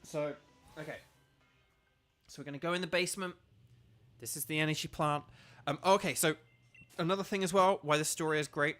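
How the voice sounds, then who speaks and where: An enthusiastic man with a fairly high voice, chatting casually over his gameplay. He rambles through his thoughts and packs them with fillers, and faint game music plays behind him. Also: steady tone, brisk, long pauses, fairly bright tone. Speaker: gaming streamer and voice actor.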